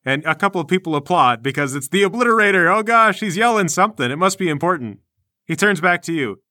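A man narrating as game master of a tabletop role-play game in a brisk, playful way. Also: sits high, expressive, pushed and bright, no room sound, studio quality.

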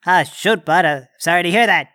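A man's voice: high-pitched, brisk, pushed and bright. A man narrating a tabletop game as game master in a casual, playful way.

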